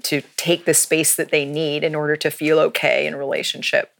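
Low-voiced woman moderating a panel. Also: little pitch movement, a little fast, vocal fry.

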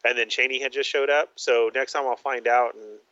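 Male co-host, forceful bright tone, dull lo-fi recording. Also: medium pitch, fairly quick, dry recording. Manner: animated, laughing storyteller. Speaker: podcast co-host. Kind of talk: casual chat about toy collecting. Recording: dull lo-fi sound.

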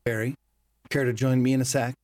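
A man in an in-character tabletop role-play, speaking in a polite, formal way. His pitch sits in the middle range, and faint music plays in the background. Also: level tone, fairly quick, darkish tone, no room sound. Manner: polite and formal, calling others sir. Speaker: tabletop player.

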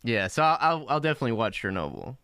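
A man's voice: mid-range voice, very animated, fast talker, bright, forceful tone, smooth, no echo, clean studio sound. A man co-hosting a podcast, rambling casually with hesitant fillers and frequent laughter. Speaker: podcast co-host.

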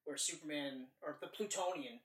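A man co-hosting a casual movie podcast, rambling and animated, swearing freely as he talks. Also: on the high side, moderate pace. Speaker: podcast co-host. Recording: roomy, distant from the mic.

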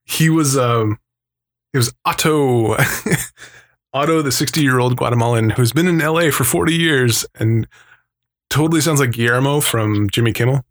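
A man's voice: mid-range voice, normal speed. A man in casual chat, telling a rambling, swearing story full of tangents.

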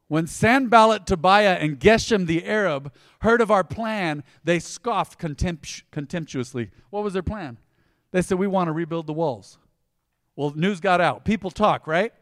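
High-voiced man preaching a sermon. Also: no echo, clean studio sound. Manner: emphatic, conversational preaching, swinging between loud and hushed. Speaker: pastor.

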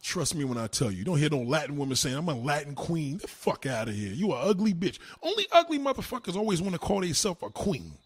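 A man on a livestream fires back at his chat, loud and mocking, his fairly high voice leaping around with every jab. His tone is slightly husky and the sound is dry and close, with no room around it. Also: big pitch swings, fast, few pauses, dry recording. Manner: loud, combative, profane, mocking. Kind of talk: live-stream rant.

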